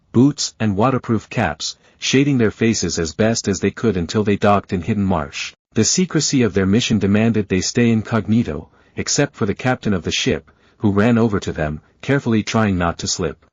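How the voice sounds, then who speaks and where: A man narrating a fan fiction story in a steady storytelling manner. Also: lowish voice, normal speed, hardly any pauses, husky, dry recording. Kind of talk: reading fan fiction aloud. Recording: dull lo-fi, dry close sound.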